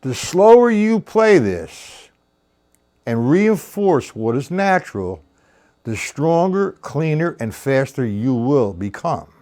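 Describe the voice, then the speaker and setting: Male drum instructor for a live stream. Unhurried, with a lively, rising and falling voice, a patient counter of beats. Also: on the high side, a little hiss or hum. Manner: counts rhythms aloud and speaks stickings in a steady, patient way; addresses viewers by name. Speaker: drum teacher. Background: drum kit.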